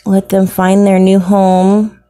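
A woman's voice: medium pitch, monotone, slow, warm tone. A woman narrating a casual unboxing of her new pets, gushing and slipping into baby talk. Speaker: isopod hobbyist vlogger.

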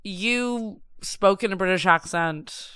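A woman's voice: medium pitch, takes it slowly, fairly bright tone, clean tone, no room sound. A woman co-hosting a podcast in casual chat, giggly and talking with lots of fillers. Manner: chatty, giggly, lots of likes. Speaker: podcast co-host.

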